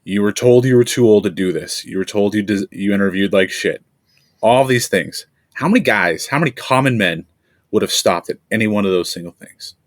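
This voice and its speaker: Earnest low-voiced male podcast host. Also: brisk, no echo. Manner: earnest, emphatic, affirming. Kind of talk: reflective interview commentary.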